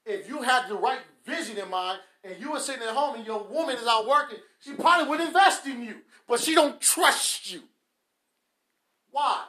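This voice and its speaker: A man's voice: very high-pitched, animated, moderate pace, pushed and bright. A man, hosting a podcast with a blunt, scolding motivational rant that mocks people with quacking. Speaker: podcast host. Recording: echoey room.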